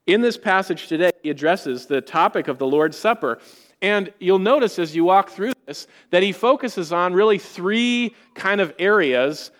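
A man preaching a sermon as pastor, measured and earnest, with a reverent tone when he prays. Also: high-pitched, lively intonation, in a large hall.

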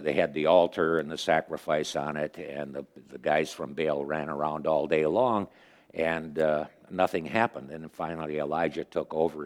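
A man giving a conversational sermon, retelling stories earnestly with pauses as he thinks. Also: very deep voice, darkish tone. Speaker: preacher.

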